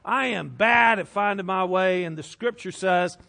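A middle-aged man preaching a sermon, swinging from hushed, intimate passages to loud, animated outbursts. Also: high-pitched, moderate pace, creaky. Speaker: pastor.

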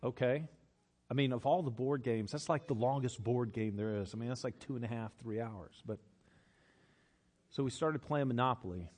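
Preacher man, soft then loud. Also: medium pitch. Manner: swings from hushed to loud, slows down to stress points. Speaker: pastor. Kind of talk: sermon.

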